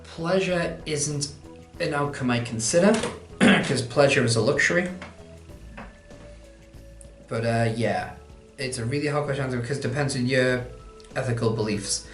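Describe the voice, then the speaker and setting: A man's voice: mid-range voice, moderate pace, long pauses, reverberant, soft background music. A man, answering viewer questions in a casual vlog, chatty and rambling, poking fun at himself. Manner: chatty, rambling, self-deprecating.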